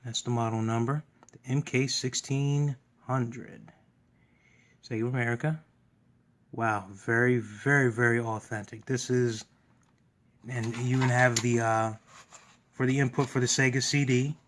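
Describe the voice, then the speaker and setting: Man, enthusiastic, gushing unboxing commentary, mid-pitched voice, faint hiss behind. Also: fairly even intonation, unhurried, long pauses, a bit bright. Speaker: gaming channel host.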